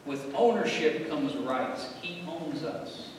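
A pastor preaching a sermon, speaking with bursts of forceful, emphatic repetition. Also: male voice, lively intonation, takes it slowly. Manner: preaching with swelling emphatic outbursts. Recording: echoey hall, distant mic, faint rumble.

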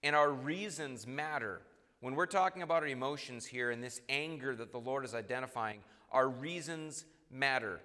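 A man preaching a sermon in an earnest way, now and then acting out quoted voices with sudden loud jumps. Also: medium pitch, normal speed. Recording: long reverb in a large hall.

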